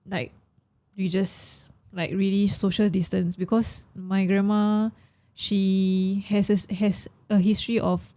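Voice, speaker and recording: Young Singaporean woman, podcast co-host, mellow tone, emotional and chatty, slips into Malay. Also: mid-range voice, level tone, takes it slowly. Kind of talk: casual chat.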